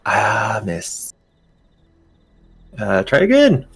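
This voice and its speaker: A man's voice: lowish voice, huge pitch swings, very slow, vocal fry, husky, no room sound, soft background music. A man running a tabletop game as game master, casual and hesitant, with many ums and easy laughs.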